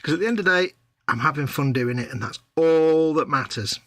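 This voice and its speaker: A man's voice: a little high, expressive, a little fast, fairly bright tone. A man co-hosting a live model-building stream, playful and silly, punning and laughing at himself. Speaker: livestream co-host. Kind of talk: casual banter while model building.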